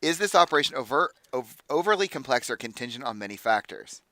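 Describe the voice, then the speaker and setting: A man's voice: mid-range voice, big pitch swings, fast talker, pushed and bright, dry recording. A man running a tabletop game as game master, explaining the rules and weighing his calls aloud.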